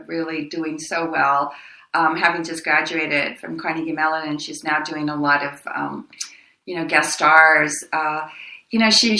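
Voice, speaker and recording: An older woman from Texas, an actress answering interview questions with lively stories and laughter. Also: fairly low pitch. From El Paso, Texas. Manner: lively, laughing, acts out quoted voices. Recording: echoey room.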